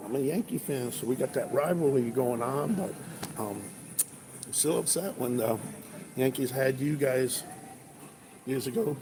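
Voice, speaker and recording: Chatting casually on his livestream from a noisy truck stop restaurant, a trucker reads viewers' comments aloud over breakfast. His medium-pitched voice is a little slow, with long pauses.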